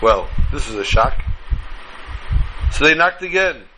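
A man telling a folk story aloud, halting now and then with fillers and restarts. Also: mid-range voice, lively intonation, bright, forceful tone, slight background noise, poor audio. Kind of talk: oral storytelling.

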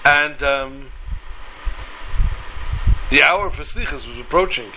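A man telling a folk story aloud, halting now and then with fillers and restarts. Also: medium pitch, expressive, pushed and bright, a little hiss or hum, rough recording. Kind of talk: oral storytelling.

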